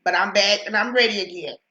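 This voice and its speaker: Middle-aged lady chatting live to her viewers, bright sharp tone, keeps coughing, computer mic. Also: mid-range voice, normal speed, reverberant, muffled recording. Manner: chatty, greets viewers by name, coughs and clears throat. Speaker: livestream host. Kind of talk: casual live-stream chat. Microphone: computer webcam mic.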